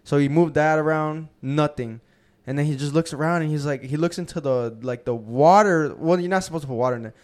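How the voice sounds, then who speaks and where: A young man hosting a podcast, telling a profane, animated story and acting out the quotes in casual chat. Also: fairly high pitch, fairly quick. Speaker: podcast host.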